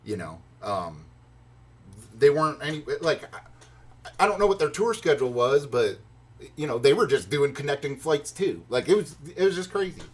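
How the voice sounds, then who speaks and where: Excitedly recounting a long personal story, this vlogger rambles casually with fillers and restarts, voicing his own reactions in a higher pitch. His voice is slightly rough and his speed normal.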